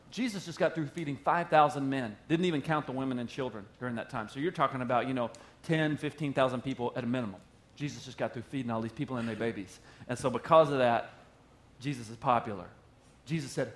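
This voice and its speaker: A male pastor with a medium-pitched voice and quick pace preaches a sermon in a conversational, joking way, acting out quotes.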